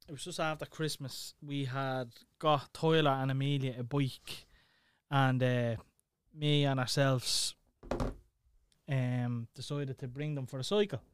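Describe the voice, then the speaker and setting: A young Dublin man telling a story in casual chat, animated and full of swearing. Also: mid-range voice, measured pace, clear, resonant tone, dry recording. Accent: Dublin Irish.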